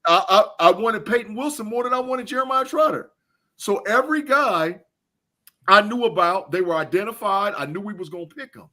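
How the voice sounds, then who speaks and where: A man's voice: high-pitched, lively intonation, a little fast, pushed and bright. A man, a guest on a remote call, talking emphatically in casual chat and chuckling as he repeats phrases.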